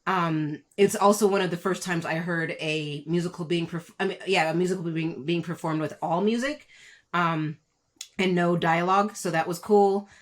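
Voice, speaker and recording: A woman's voice: on the low side, fairly even intonation, normal speed. A woman co-hosting a casual game chat over a video call, talking playfully, giggling, with fillers. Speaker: co-host.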